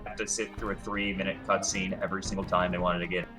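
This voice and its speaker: A man's voice: low voice, flat delivery, fast, over music. A man commentating a game stream, explaining the mechanics in a hesitant, explanatory way.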